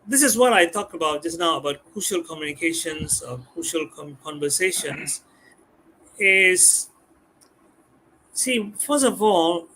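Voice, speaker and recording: In a live-stream talk on communication skills, a guest speaker with a lively, high voice gets animated, acting out customers' voices and repeating words. There's a little hiss or hum in the audio.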